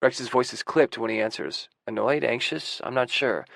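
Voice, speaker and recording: A man reading a first-person audiobook with a gravelly, creaky texture in a wry, gruff manner. The recording is dry and close, with no room sound. His pitch sits in an ordinary middle range. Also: normal speed, a bit bright, dry recording. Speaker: audiobook narrator.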